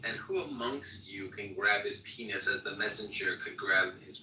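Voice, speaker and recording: A man hosting a casual debate stream, joking and reading texts aloud in an animated way. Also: lowish voice, moderate pace. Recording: echoey room from a distance, faint noise.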